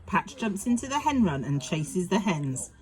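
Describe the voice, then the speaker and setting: A woman reading a children's farmyard story aloud in a slow, sing-song telling. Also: on the low side, very animated, darkish tone, slightly rough. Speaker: storybook narrator.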